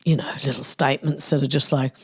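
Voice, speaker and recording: A woman's voice: a bass voice, steady tone, fast, breathy edge. A middle-aged woman with a New Zealand accent hosting a solo podcast in a playful, tongue-in-cheek, chatty way. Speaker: podcast host. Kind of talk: casual solo podcast monologue.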